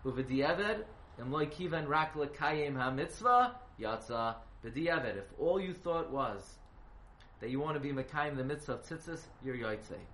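A man's voice: fairly high pitch, lively intonation, measured pace, fairly bright tone. Man teaching a class in an echoey room. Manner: quizzes the class, spells words letter by letter. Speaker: Torah teacher. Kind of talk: halacha class lecture. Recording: echoey room, faint hiss.

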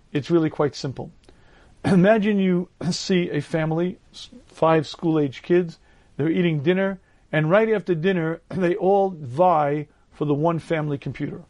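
A man giving a live Torah lecture in a slow, deliberate storytelling manner, clearing his throat often. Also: high voice, a little mellow.

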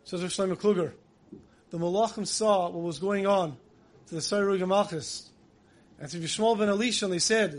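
High-voiced man telling a Torah story. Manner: storytelling, acts out dialogue in voices; chants liturgical verses slowly. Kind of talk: sermon with storytelling.

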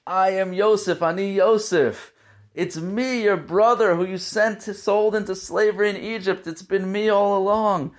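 A man's voice: high-pitched, steady tone, moderate pace, pitched above the performer's own voice, lightly acted. A man voicing an emotional biblical brother. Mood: tearful, forgiving. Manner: heartfelt, pleading, raised voice.

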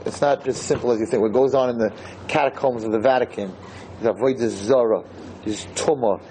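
A man lecturing on Torah, telling a story in an animated way and circling back over his own phrases for emphasis. His voice is mellow and dark, with a faint hiss of room noise behind him. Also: mid-range voice, a little fast, rough recording. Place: lecture hall with listeners.

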